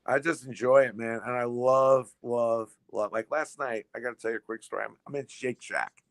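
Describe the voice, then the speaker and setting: A man telling stories as a podcast guest, fast and full of restarts and repeated words. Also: mid-range voice, steady tone, no room sound. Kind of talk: casual storytelling.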